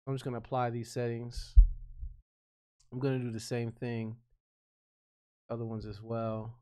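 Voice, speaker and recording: A man with a smooth, resonant voice of ordinary pitch narrates his own editing session. He thinks aloud, naming each step as he clicks, relaxed and conversational with frequent restarts. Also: measured pace. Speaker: freelance video editor explaining his workflow. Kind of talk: casual screen-recorded tutorial.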